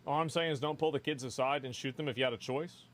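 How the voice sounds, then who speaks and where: A man's voice: mid-range voice, steady tone, fast talker. A man in a played clip arguing his point in a dismissive tone. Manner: dismissive, argumentative. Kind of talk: argumentative talk.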